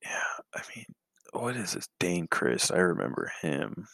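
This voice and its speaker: A man's voice: low-pitched, sing-song, unhurried, gravelly, a bit bright, no room sound. A man co-hosting a casual sports podcast, talking hesitantly with lots of fillers and sighs.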